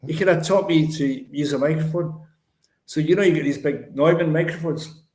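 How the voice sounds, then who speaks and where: Older Lanarkshire Scottish male guest, fairly high voice, animated storyteller, echoey room. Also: brisk. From Lanarkshire, Scotland. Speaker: guest musician. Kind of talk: casual chat. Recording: roomy echo.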